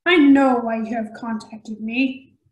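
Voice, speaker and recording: A woman voicing a grandiose, haughty male alien warlord cat, slow and commanding. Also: a little high, steady tone, darkish tone, reverberant, rough recording.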